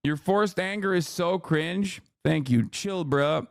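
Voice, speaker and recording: A man's voice: high voice, slow pace, creaky, dry recording, studio quality. A male streamer hosting a live commentary, ranting angrily and sarcastically with heavy profanity. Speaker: streamer host.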